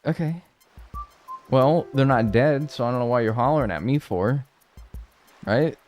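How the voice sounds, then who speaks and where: A man's voice: medium pitch, unhurried, a little mellow, faint music behind. A man in his twenties, a game streamer chatting casually with live viewers in a rambling, joking way. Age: 20s. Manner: rambling, joking, full of filler "like".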